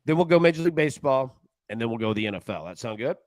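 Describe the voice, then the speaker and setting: A man's voice: medium pitch, animated, rapid-fire, dry recording. A man hosting a live sports betting show in casual chat, jokey and rambling, laughing often.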